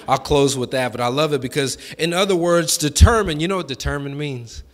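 A man preaching a sermon as pastor, with folksy, colloquial phrasing and call-and-response lines that build to fervent shouting. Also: fairly high pitch, a little fast, big-room sound. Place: church sanctuary.

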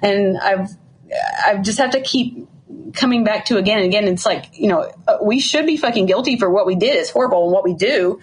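A woman's voice: medium pitch, brisk, husky. Frank, self-deprecating woman podcast co-host. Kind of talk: casual podcast chat.

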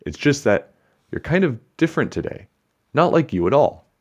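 A man's voice: medium pitch, big pitch swings, moderate pace, a little mellow, pitched above the performer's own voice. A man reading aloud and voicing a blunt young schoolboy friend in a storybook.

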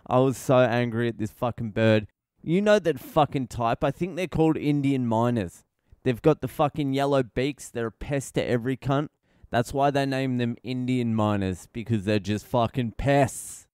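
A man's voice: medium pitch, moderate pace, a little mellow, clear, resonant tone, no room sound, clean studio sound. A middle-aged Australian man, a comedian hosting his podcast, telling a story in a profane, ranting style. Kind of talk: casual comedic monologue.

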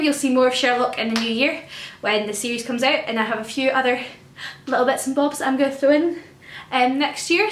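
A woman's voice: high voice, a bit bright, echoey room, a little hiss or hum. A young woman vlogging to camera, gushing and emotional as she talks through a favourite series in casual fan chat.

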